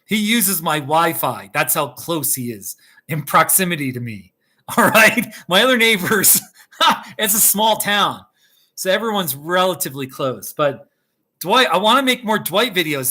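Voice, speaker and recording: A man rambles through a live stream from his kitchen, chatting with viewers and breaking into laughs. His voice sits a little high and sounds bright and forward. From United States. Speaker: YouTube host. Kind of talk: casual live-stream chat. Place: home kitchen.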